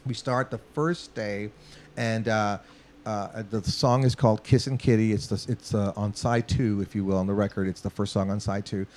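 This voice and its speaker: A man's voice: fairly low pitch, moderate pace, a little hiss or hum. A man from Los Angeles telling a long studio story in a casual, profane way, acting out what people said. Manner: profane, animated, acts out quotes. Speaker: guest musician.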